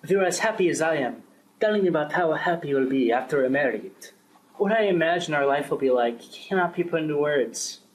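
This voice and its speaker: A man's voice: animated, a little fast, slight background noise, low-quality recording. Young man acting out a radio play. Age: young adult. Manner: plays several parts, shifting pitch between characters. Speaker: student performing a class drama.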